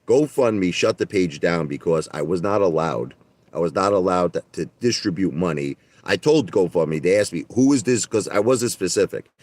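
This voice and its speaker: Livestream host, man, very low voice, dry close sound, defensive repetitive ranter. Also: animated, moderate pace, a little mellow, no echo. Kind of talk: ranting livestream monologue.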